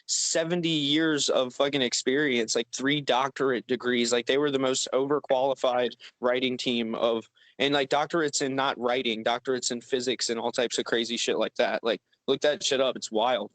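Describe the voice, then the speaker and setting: A man's voice: medium pitch, steady tone, normal speed, a bit bright, dry recording, rough recording. A man co-hosting a casual comedy podcast, rambling and swearing with lots of fillers. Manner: rambling, profane, filler-heavy. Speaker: podcast co-host.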